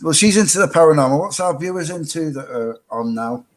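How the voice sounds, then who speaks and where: A man's voice: fairly high pitch, expressive, a little fast, slight background noise. A man co-hosting a casual live chat show, upbeat and urging viewers to join in. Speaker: co-host. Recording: echoey room.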